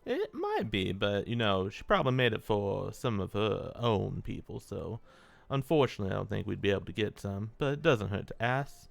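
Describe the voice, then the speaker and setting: A man's voice: on the low side, sing-song, normal speed, creaky, dry recording. A man playing a tabletop role-playing game, talking in a polite, folksy way in character. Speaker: player.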